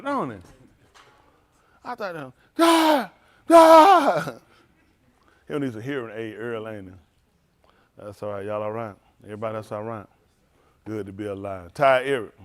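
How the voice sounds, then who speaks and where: A man's voice: medium pitch, animated, normal speed, long pauses. A man preaching, joking loosely and teasing his congregation, laughing often. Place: synagogue hall, livestream.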